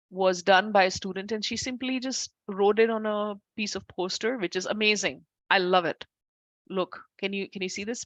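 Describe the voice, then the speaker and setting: A woman's voice: mid-range voice, no room sound. A woman teaching a class as an instructor, talking informally, often correcting herself mid-sentence and making asides to her students. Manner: chatty, self-correcting, warm asides to students. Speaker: Ayurveda instructor.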